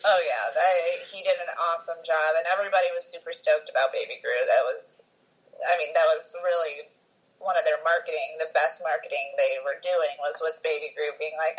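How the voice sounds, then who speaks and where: A talkative co-host relays movie trivia in an easygoing podcast chat. The voice sits at a middle pitch and carries a broadcast-radio sound. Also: steady tone, brisk, rough recording. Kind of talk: casual movie review chat.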